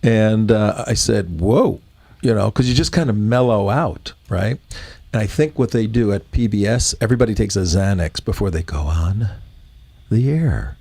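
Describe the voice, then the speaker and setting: A middle-aged man hosting a political talk show, opinionated and halting, often restarting his sentences. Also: on the low side, lively intonation, mellow, breathy edge.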